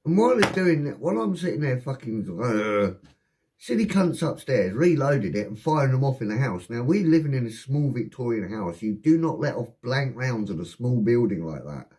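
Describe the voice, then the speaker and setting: A man's voice: mid-range voice, moderate pace. Sweary man telling a story. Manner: sweary, rambling, animated. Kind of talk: casual anecdote telling.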